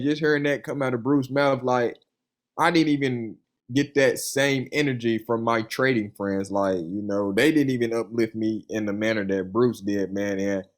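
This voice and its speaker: A young man, a funded trader, talking casually and earnestly in an interview, with a loose storytelling manner full of "you know" and "man". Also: medium pitch. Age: young adult. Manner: earnest and enthusiastic.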